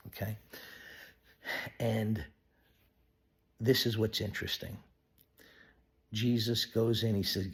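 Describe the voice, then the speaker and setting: A man giving an earnest devotional Bible teaching, sometimes dropping to a hushed whisper. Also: lowish voice, fairly even intonation, a little slow, gravelly, long pauses, slightly rough. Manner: acts out quoted voices of people in the story. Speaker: pastor.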